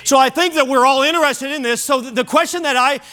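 A man's voice: very high voice, fast talker, pushed and bright. A man preaching a sermon at a church service, emphatic and repeating key phrases for weight.

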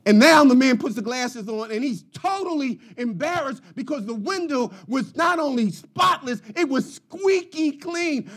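A man preaching a sermon, swinging from quiet, low asides to loud, shouted passages. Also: expressive, measured pace, hardly any pauses. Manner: preaching with rising shouts and dramatic swings in volume. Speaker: pastor.

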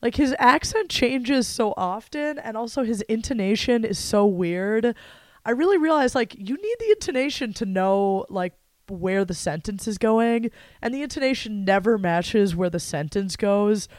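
A podcast co-host who riffs sarcastically in casual chat and slips into mock-dramatic speeches. The voice sounds smooth and clean. It is recorded close in a dry room. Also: medium pitch, animated, moderate pace, no room sound.

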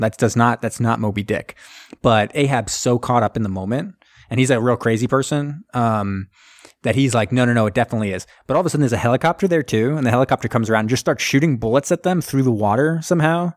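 A young man chatting on a podcast, telling a film's story in a joking, animated way and acting out the lines of the people in it. His voice sits at an ordinary middle pitch. It is recorded dry, with no room around it. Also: fast talker, dry recording. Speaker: podcast co-host. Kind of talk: casual movie recap chat.

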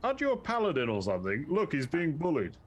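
A man's voice: fairly high pitch, wildly swooping pitch, fast talker, muffled recording. A man playing a tabletop game, wry and teasing. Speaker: player. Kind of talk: casual tabletop game chat.

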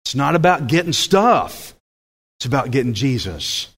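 A man's voice: mid-range voice, sing-song, moderate pace, fairly bright tone, breathy edge. A man preaching a sermon with emphatic delivery, putting questions to the congregation.

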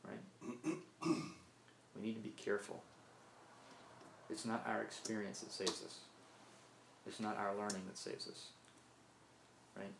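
A man's voice: lowish voice, little pitch movement, a little slow, creaky, pauses often, background noise. A man from Mississippi preaching a sermon, earnest, often repeating himself and asking "right?". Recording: roomy echo, faint ambience.

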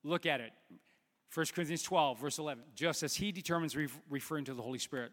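High-voiced preacher man in an echoey hall. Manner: halting, many fillers and restarts, rising to loud emphatic preaching. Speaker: pastor. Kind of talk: sermon. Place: church sanctuary. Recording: long hall reverb.

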